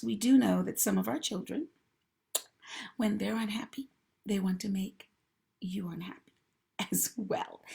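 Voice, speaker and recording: A woman's voice: medium pitch, creaky, darkish tone. A woman therapist hosting a live-streamed advice talk, encouraging viewers and greeting commenters by name. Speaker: host and mental health professional.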